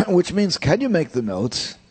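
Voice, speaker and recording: A man's voice: high-pitched, big pitch swings, measured pace, husky. An older man giving a rambling, plain-spoken voice lesson, drifting into anecdotes. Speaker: voice teacher.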